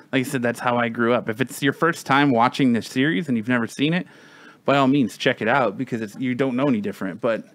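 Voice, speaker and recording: A man's voice: mid-range voice, no room sound. Rambling casual man, dry close sound. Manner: rambling, frequent restarts and fillers, mild swearing. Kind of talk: casual chat.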